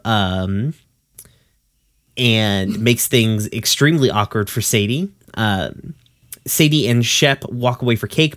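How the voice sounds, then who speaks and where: A man summarizing a cartoon episode for a podcast in a loose, casual way. He drops curses and laughs as he narrates. His voice sits at an ordinary pitch. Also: fairly bright tone. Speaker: podcast co-host recapping episodes.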